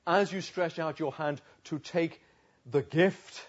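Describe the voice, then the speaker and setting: A man preaching a sermon, dropping to a hush and then rising loud, slow and emphatic with long pauses. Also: a little high, muffled recording. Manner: dramatic swings between hushed and loud passages.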